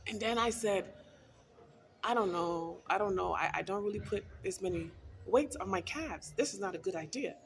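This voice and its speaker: A woman's voice: medium pitch, normal speed, a little hiss or hum. A middle-aged woman talking casually to camera in a wellness vlog, chatty and storytelling, laughing often. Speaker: wellness vlogger.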